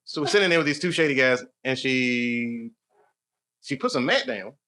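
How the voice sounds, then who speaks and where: Speaking at medium pitch and normal speed, an animated stand-up comedian works a comedy club stage with a rambling story. He laughs at his own material and jokes with the crowd, and the live recording is full of audience noise and laughter.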